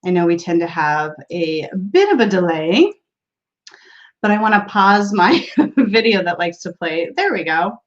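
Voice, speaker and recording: A woman's voice: fairly low pitch, big pitch swings, measured pace, dull audio. A woman hosting a casual tarot livestream from a room at home, greeting viewers by name and laughing often.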